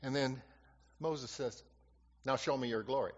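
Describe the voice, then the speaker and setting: A man's voice: mid-range voice, unhurried. A man preaching a sermon, repeating his key phrases for emphasis. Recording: muffled reverberant hall recording.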